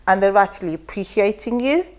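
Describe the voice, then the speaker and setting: Animated woman telling a story. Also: medium pitch, a little fast. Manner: animated storytelling, acts out quotes. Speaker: talk show guest. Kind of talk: casual chat.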